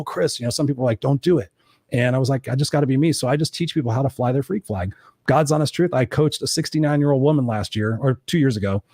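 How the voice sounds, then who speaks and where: A man talks at a rapid clip with a blunt, unfiltered streak, cursing casually as he tells stories. He is an executive coach being interviewed. His voice sits close and dry, with no room sound around it. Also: mid-range voice, dry recording. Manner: blunt, swears freely, animated storyteller. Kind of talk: candid interview talk.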